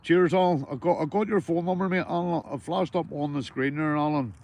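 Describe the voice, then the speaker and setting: A Northern Irish angler livestreams while fishing, chatting casually with viewers in an easygoing, banter-filled way, swearing freely and calling everyone mate. His voice is a little high and darkish in tone, and he talks fairly quickly.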